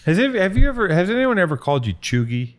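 A man hosting a casual comedy podcast, rambling and swearing as he riffs, restless and quick to jump between thoughts. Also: sits high, very animated. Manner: rambling, profane, restless, riffing. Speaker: podcast host.

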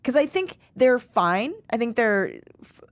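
A woman's voice: fairly high pitch, very animated, a little slow, no echo. A woman co-hosting a casual chat, playful and teasing, sometimes reading book blurbs aloud. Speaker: podcast co-host.

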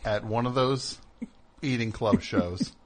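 Male talk host, middle-aged, husky voice, rambling and chatty. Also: fairly low pitch, takes it slowly. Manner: chatty, frequent affirmations, rambling asides. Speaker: radio host. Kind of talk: casual interview chat.

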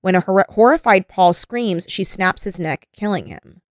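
Woman, podcast host, mid pitch, dry close mic, agreeable chatty delivery. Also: normal speed, no room sound. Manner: agreeable, reads plot summaries aloud, frequent "like". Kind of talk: casual podcast chat.

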